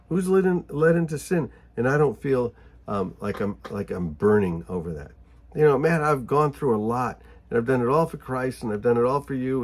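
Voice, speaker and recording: A man teaching the Bible, reading passages aloud and adding casual, conversational commentary that moves between emphatic reading and soft asides. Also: medium pitch, breathy edge.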